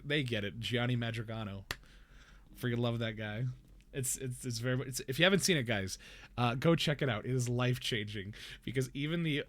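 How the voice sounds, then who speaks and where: A young man hosting a casual chat, rambling and animated as he tells stories with many restarts and quoted lines. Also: medium pitch. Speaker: podcast host.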